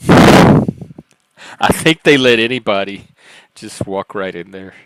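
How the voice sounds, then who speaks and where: A man's voice: lowish voice, unhurried, clear, resonant tone, no echo. Man, stream host, casual chat, self-mocking, laughs a lot, light voice, dry recording. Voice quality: light, youthful-sounding voice for a man.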